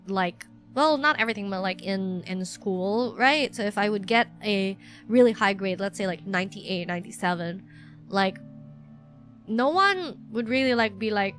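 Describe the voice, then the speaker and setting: A woman's voice: mid-range voice, fairly bright tone. A young adult woman chatting on a casual stream, rambling and self-deprecating with lots of fillers. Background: faint music.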